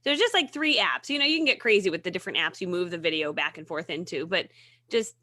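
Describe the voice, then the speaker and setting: Bright, animated woman telling stories. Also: lowish voice, fast, no room sound. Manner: animated storyteller, laughs often. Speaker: guest, video marketing coach. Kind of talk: casual chat.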